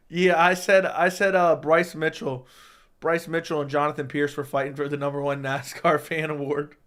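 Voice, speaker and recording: A man hosting a casual livestream, reading viewer questions out loud and answering them in a chatty, joking way. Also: a little high, level tone, normal speed. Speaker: livestream host.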